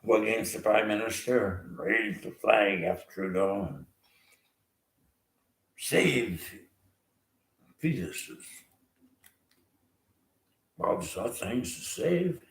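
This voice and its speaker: Gravelly, slow-talking ranting man. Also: fairly low pitch, lively intonation, echoey room. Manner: rambling, sarcastic, chuckling often. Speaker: vlogger. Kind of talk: rambling political rant.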